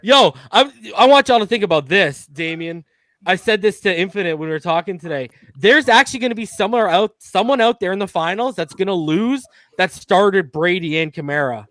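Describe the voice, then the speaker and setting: Brief: slangy, pumped-up male stream host, slightly high voice, dry close sound. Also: a little fast, no room sound. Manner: excited, loose and slangy, shouting out viewers. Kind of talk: casual live football chat.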